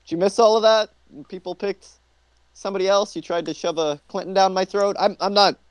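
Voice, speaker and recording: A man hosting a casual political podcast, talking in an animated, profane way and laughing often. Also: high-pitched, a little fast, clear, resonant tone, no echo. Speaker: podcast host.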